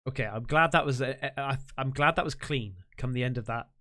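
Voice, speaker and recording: A man hosting a live stream, chatting casually and excitedly, full of slang and thanking viewers effusively. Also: medium pitch, a little fast. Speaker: livestream host.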